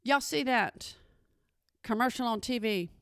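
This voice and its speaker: Sassy, high-voiced mom talking to listeners. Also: female voice, a little slow, a bit bright, clean tone, dry recording, clean studio sound. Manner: sassy, emphatic, talks straight to listeners. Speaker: parent monologue host. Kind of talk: casual chat monologue.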